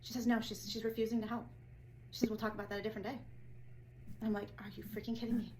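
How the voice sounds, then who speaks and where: A woman's voice: on the high side, little pitch movement, very fast, darkish tone, slightly rough, poor audio. A woman venting in an agitated monologue, retelling a workplace clash and acting out every line of dialogue. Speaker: former assistant assessor. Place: indoors, filmed herself.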